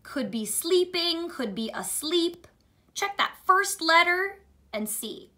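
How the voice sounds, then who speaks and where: A young woman teaching young children to read, reading picture books aloud slowly in a sing-song way with some hesitant fillers. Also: extremely high pitch, animated, sharp tone.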